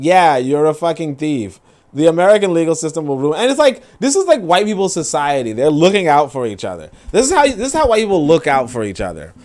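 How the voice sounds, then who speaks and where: A man's voice: fairly high pitch, sing-song, a little fast, darkish tone. A man hosting a podcast, ranting in casual, profane commentary with lots of fillers as he reacts to posts. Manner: profane, rambling rant with many fillers. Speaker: podcast host.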